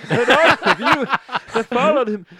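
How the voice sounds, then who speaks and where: A man reading a grieving young man in a table read, high and halting. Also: lively intonation, sharp tone, husky, no room sound, studio quality, exaggerated voice.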